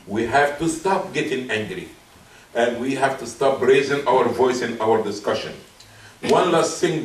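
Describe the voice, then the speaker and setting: A man preaching a Friday sermon, emphatic and repeating his key points. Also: medium pitch. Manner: acts out soft apologetic asides. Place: mosque hall. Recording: roomy, distant mic.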